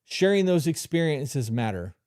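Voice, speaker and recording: A man's voice: a little high, sing-song, moderate pace, darkish tone, no echo, clean studio sound. Blunt, profane man giving relationship advice. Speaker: host. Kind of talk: live stream talk and chat replies.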